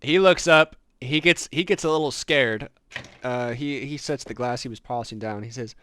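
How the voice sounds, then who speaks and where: A man's voice: medium pitch, normal speed, sharp tone, slight background noise. A man running a tabletop game as game master, playful, laughing often and swearing casually.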